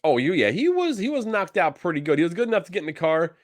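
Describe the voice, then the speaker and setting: Animated man with a lively voice. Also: fairly high pitch, quick pace, dry recording, clean studio sound. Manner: animated, acts out characters' lines, laughs a lot. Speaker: podcast co-host. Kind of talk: casual TV episode recap chat.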